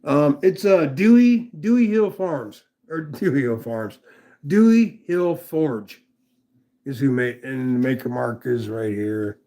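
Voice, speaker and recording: A man's voice: mid-range voice, a little slow, hardly any pauses, dark tone. A man reviewing knives on a live stream in casual, rambling chat, swearing freely and greeting viewers by name. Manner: rambling, profane, chatty with viewers. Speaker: knife reviewer livestreaming.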